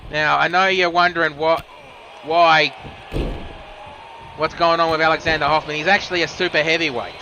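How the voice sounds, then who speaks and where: A man giving quick move-by-move wrestling commentary, with casual asides. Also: a little high, fairly even intonation, bright, forceful tone, lo-fi sound, a little hiss or hum. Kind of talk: play-by-play commentary.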